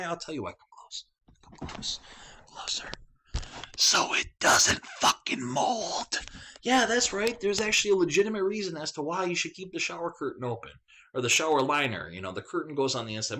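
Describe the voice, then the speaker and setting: Animated, rambling male vlogger. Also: on the low side. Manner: rambling, profane, chatty. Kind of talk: casual rant to camera.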